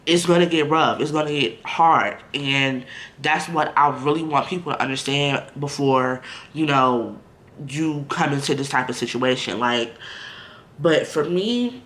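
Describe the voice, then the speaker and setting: A man's voice: fairly high pitch, unhurried, fairly bright tone. A man talking candidly to the camera in a casual vlog, blunt and conversational, full of fillers and direct asides to viewers. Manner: candid and blunt, lots of "like" and "you know". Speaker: vlogger.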